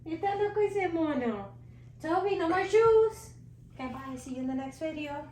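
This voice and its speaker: A woman's voice: high voice, animated, moderate pace, a little mellow, slight background noise, poor audio. A woman filming a casual home video on a handheld phone, coaxing her pets and a baby in sing-song baby talk. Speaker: family pet-monkey vlogger.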